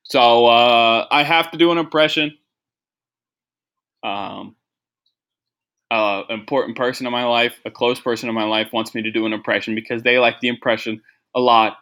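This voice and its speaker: A man's voice: mid-range voice, fairly even intonation, normal speed, pauses often, fairly bright tone, clear, resonant tone. Rambling young man hosting a podcast. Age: young adult. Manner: rambling, self-deprecating, heavy use of "like". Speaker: podcast host. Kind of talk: casual comedy podcast monologue.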